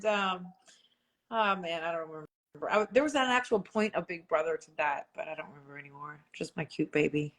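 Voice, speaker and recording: A woman's voice: deep voice, a little fast, a bit bright. A young woman, a former reality show contestant, chatting casually on a livestream, rambling with lots of fillers and laughing often. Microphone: phone.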